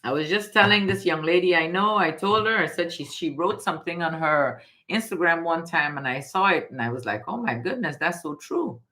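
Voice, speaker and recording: A woman's voice: on the low side, expressive, a little fast, few pauses, sharp tone. A middle-aged woman, a card reader from Guyana, talking casually and emphatically, often repeating phrases. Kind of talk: casual spiritual reading and storytelling.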